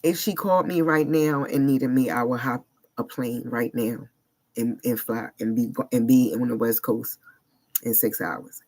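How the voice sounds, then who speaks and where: A man talking earnestly in a personal vlog monologue, searching for words in short halting phrases and sounding emotionally unsettled. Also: medium pitch, fairly even intonation, a little mellow. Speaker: vlogger.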